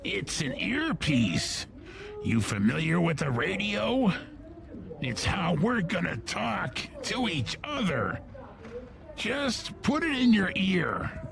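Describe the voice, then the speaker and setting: An actor playing a curt, businesslike pig enforcer in an audio drama. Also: male voice, high-pitched, big pitch swings, slow pace, vocal fry, a crowd in the background, full character voice. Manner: curt, instructive.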